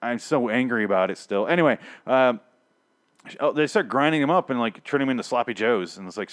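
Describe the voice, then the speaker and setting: A man casually recapping a TV episode in a rambling, profane, animated way. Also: mid-range voice. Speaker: TV show recapper.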